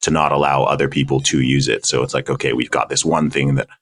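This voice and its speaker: A man's voice: a bass voice, steady tone, fast, fairly bright tone. A man with a British accent, a guest on a podcast interview, answering bluntly and emphatically and repeating words as he stresses his points. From United Kingdom. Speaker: guest, independent rapper.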